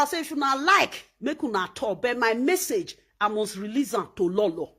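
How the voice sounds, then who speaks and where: A woman speaking Nigerian Pidgin English in an animated vlog monologue, emphatic and preachy, repeating her points. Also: high voice, a little fast, few pauses. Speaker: vlogger.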